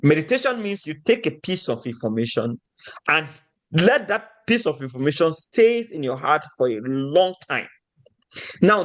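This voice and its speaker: A man's voice: fairly high pitch, fairly bright tone. A man from Nigeria giving a motivational teaching talk, often putting rhetorical questions to his audience.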